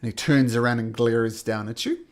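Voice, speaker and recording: A man's voice: mid-range voice, steady tone, normal speed. A man running a tabletop game as game master, narrating with an upbeat, laughing manner.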